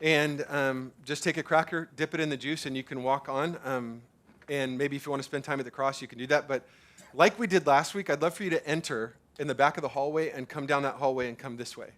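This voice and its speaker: A man in his thirties or forties, preaching a sermon at a church service in an animated, conversational way, full of fillers and repeated words. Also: medium pitch, fairly quick. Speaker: pastor.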